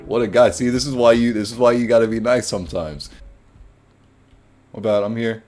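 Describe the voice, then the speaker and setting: A man's voice: mid-range voice, fairly quick, long pauses, a little mellow. A young man commenting casually and jokingly as he plays a horror game, chatting to his viewers. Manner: jokey, jumpy, voices the game characters. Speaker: gaming streamer.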